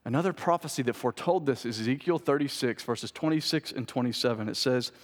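A male pastor preaching a sermon in a church, earnestly repeating key phrases and moving between urgent appeals and hushed, intent passages. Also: mid-range voice, expressive, a little fast, few pauses. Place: church sanctuary. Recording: reverberant church hall.

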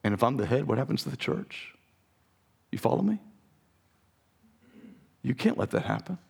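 A man preaching a sermon as pastor, with a raspy voice, earnest and direct with his congregation. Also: medium pitch, big pitch swings, normal speed, a little mellow. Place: church sanctuary.

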